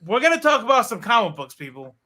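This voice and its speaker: High bright-voiced guy joking around on a comics show, loose and crude. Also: very animated, fast, slight background noise. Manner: joking, rambling, crude humor. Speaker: podcast co-host. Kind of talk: casual chat.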